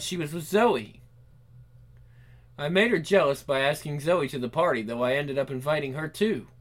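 A man plays the game's hero in a voice-over playthrough, cursing frequently as he frets aloud to himself in a panic. His voice is a little high and fairly bright.

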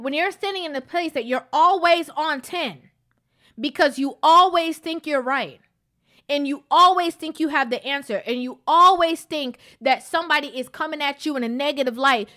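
A woman's voice: sits high, bright, forceful tone. A woman telling a personal story in a casual, preachy way, repeating points for emphasis.

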